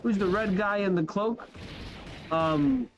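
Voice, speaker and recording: A young man with a high voice talks casually over his gameplay, animated and chatty, often trailing off mid-thought. Faint game music plays behind him. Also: takes it slowly. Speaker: gaming YouTuber. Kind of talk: casual let's-play commentary.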